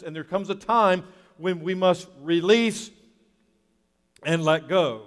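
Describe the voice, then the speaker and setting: Male pastor, earnest sermon delivery, slightly high voice, echoey church sound. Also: moderate pace. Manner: earnest, repeats key phrases.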